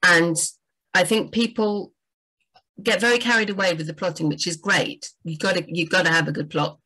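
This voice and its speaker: A woman's voice: fairly low pitch, steady tone, moderate pace, bright, forceful tone, slightly rough, rough recording. A woman, a book doctor, giving enthusiastic, chatty writing advice on a livestream. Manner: enthusiastic, chatty, frequent fillers.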